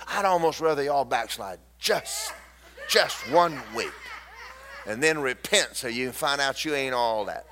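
A man preaching a lively, storytelling sermon with mocking asides to the congregation. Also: mid-range voice, measured pace.

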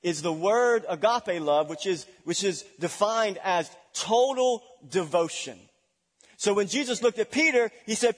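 A man preaching a sermon, dramatic, swinging between loud declarations and hushed asides. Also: high-pitched, lively intonation, a little slow. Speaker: pastor. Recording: long reverb of a large hall.

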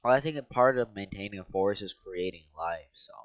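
A man co-hosting a casual podcast chat, teasing and animated as he argues his points. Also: lowish voice, fairly quick, no echo. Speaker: podcast co-host. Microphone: home setup with monitoring. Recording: dull lo-fi mic.

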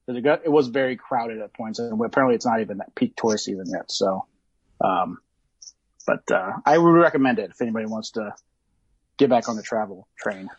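A man's voice: lowish voice, animated, brisk, slightly rough, no room sound, dull audio. A man from Illinois, a podcast guest in casual chat, talking in a hesitant, laid-back way with many ums and uhs.

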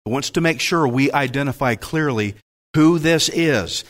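A man's voice: mid-range voice, moderate pace. A man preaching a sermon, reading scripture aloud and breaking off into enthusiastic, conversational asides. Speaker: pastor.

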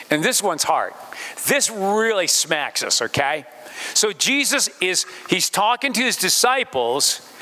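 Guy preaching a sermon, high voice, long church reverb, keeps asking the room questions. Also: pushed and bright. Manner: speaks straight to the congregation with questions. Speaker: pastor.

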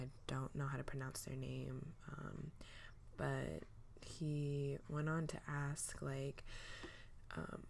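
A woman's voice: creaky, darkish tone. A young woman hosting her own podcast, talking alone in a sleepy, hesitant, reflective way with many fillers. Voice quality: low, a little manly voice. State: sleepy, just woke up. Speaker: podcast host. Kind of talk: casual solo podcast monologue.

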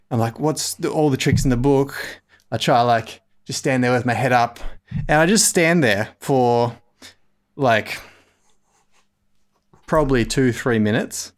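A man in his thirties spins a rambling, self-deprecating story as a casual podcast host. His pitch sits in an ordinary middle range, and he keeps breaking into laughter as he goes. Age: 30s. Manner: rambling, animated, self-mocking, laughs often.

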